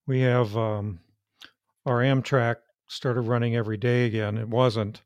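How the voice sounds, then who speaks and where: A man in casual chat, relaxed and joking, asking questions as host. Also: medium pitch, a little slow, dry recording.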